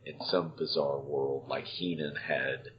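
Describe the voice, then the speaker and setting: A man co-hosting a casual podcast, recapping an old wrestling event in a wry, deadpan way. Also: a bass voice, takes it slowly, a crowd in the background. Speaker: podcast co-host. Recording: dull lo-fi podcast audio.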